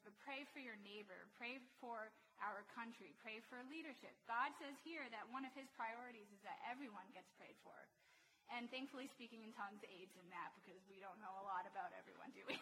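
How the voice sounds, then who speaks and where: A woman's voice: a little high, low-quality recording. A woman preaching a sermon to a congregation, speaking in a conversational way and often putting questions to the listeners. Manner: animated, conversational, asks the audience questions. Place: church hall with a congregation.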